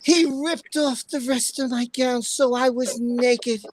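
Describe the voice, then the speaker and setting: A woman putting on a lowered, slow, hushed voice to mock-read a woman's sworn statement. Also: fairly even intonation, no room sound, poor audio. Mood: mock-dramatic. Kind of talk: mock-dramatic reading.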